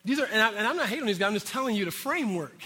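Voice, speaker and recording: A man's voice: high-pitched, lively intonation, racing, sharp tone, slightly rough, in a large hall. A man preaching a sermon in a casual, conversational way, with frequent asides to his congregation. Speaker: pastor.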